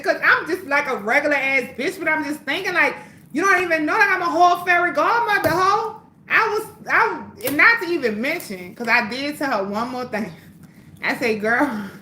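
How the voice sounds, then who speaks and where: A woman on a livestream telling a story in a casual, animated way, full of swearing, her voice swinging between loud and hushed. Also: high-pitched. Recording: roomy echo, faint background hum.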